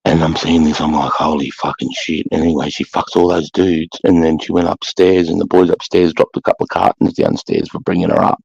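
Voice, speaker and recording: A middle-aged Australian man with a very deep, gravelly voice tells stories bluntly and profanely. His tone is husky. The recording is dry and sounds dull and lo-fi. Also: flat delivery, fairly quick, hardly any pauses, a little mellow, no echo. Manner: blunt, profane, swaggering storyteller. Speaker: podcast co-host, former army sergeant. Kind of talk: casual chat, storytelling.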